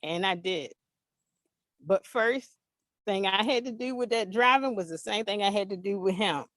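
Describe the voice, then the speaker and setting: A mother telling an animated, emphatic story in an interview, acting out the dialogue. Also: mid-range voice, normal speed, no echo. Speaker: interview guest, parent.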